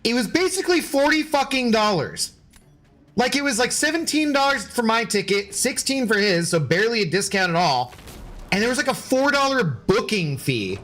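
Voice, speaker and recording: A young American gaming streamer gives casual live commentary in a very high, very animated voice with a fairly bright tone at a moderate pace. Soft music plays behind him as he rants in exasperation and swears freely.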